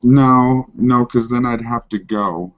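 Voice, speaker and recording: A man putting on the voice of a slow, stubborn man who hears voices and refuses to leave, mumbling low. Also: muffled recording, close to an everyday voice.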